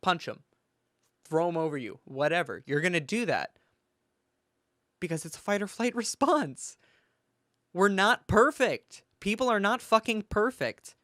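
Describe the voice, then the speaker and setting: A man rants in a heated, foul-mouthed way, hammering his points with sarcasm and emphasis. His voice sits a little high for a man. The sound is dry and close, with no room echo. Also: expressive, a little slow, pauses often, fairly bright tone. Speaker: political commentator. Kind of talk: profane ranting commentary.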